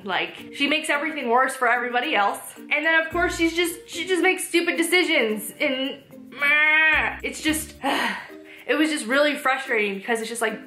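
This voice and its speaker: A young woman in a casual, exasperated book review rant, animated and full of "like". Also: high voice, moderate pace, roomy sound, soft background music. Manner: animated, exasperated, says "like" often. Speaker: book vlogger.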